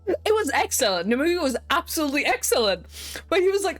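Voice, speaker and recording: A woman streaming a game, chatting casually with her viewers in an excitable, talkative way that often breaks into laughter. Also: sits high, fast, soft background music.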